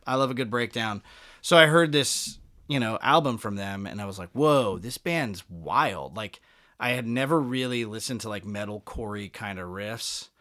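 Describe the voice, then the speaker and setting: A man's voice: fairly low pitch, moderate pace. A man, a musician, telling stories casually as a podcast guest and acting out the people in them. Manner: animated, acts out quoted dialogue. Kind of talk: casual storytelling.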